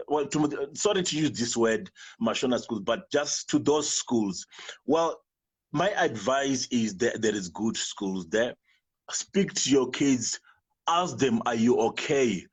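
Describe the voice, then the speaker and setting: A man's voice: mid-range voice, lively intonation, measured pace, slightly rough. A man from Zimbabwe, a native Venda speaker with a Zimbabwean English accent, telling an emotional personal story in an earnest way, often restarting his sentences. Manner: earnest, repetitive, with many restarts. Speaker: guest.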